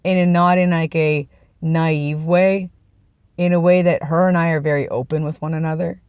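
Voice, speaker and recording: A man's voice: a little high, level tone, moderate pace, darkish tone, smooth, no echo. Earnest young man, dry close sound. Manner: earnest, rambling, with frequent restarts. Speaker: vlogger. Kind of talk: casual personal vlog. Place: outdoors, about to go inside.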